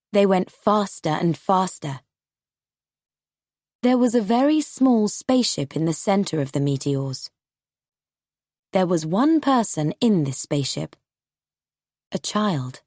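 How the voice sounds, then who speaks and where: Lady reading a story for english learners, super slow and clear, very animated. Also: medium pitch, no echo, studio quality. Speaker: narrator. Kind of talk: graded-reader story narration for learners.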